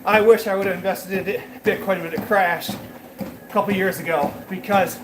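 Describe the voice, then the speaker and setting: A man's voice: high voice, fairly even intonation, moderate pace, reverberant, background noise. A man livestreaming as he walks on a treadmill, talking loosely to his viewers with lots of fillers. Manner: loose and rambling, many fillers. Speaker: fitness livestreamer. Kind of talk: casual chat while working out, talking to viewers.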